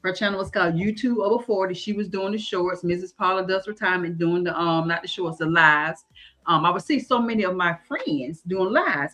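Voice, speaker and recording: A woman's voice: on the low side, brisk, a bit bright. A middle-aged woman hosts a casual live-stream chat, talking folksy and calling listeners honey and baby. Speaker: host.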